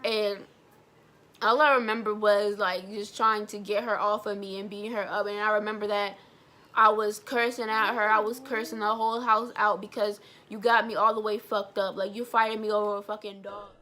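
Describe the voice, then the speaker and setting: A young woman vlogger telling a personal story in a blunt, animated way, swearing freely. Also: medium pitch, normal speed. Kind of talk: storytime vlog.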